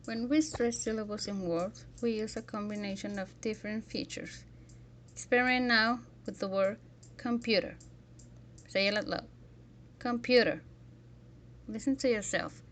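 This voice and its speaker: A woman's voice: medium pitch, steady tone, moderate pace, fairly bright tone, slight background noise. A woman teaching a pronunciation lesson, carefully modelling example words one by one.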